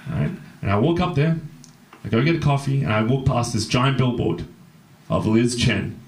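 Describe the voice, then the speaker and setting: A man's voice: mid-range voice, lively intonation, moderate pace. A man doing a rambling, self-deprecating stand-up set full of swearing, acting out other people's voices. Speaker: stand-up comedian. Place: comedy club stage.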